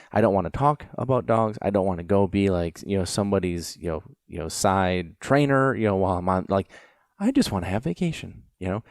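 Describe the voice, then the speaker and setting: Deep-voiced man telling a story. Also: dry recording, studio quality. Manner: rambling, frequent "you know" fillers. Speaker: podcast host and dog trainer. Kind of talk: casual storytelling.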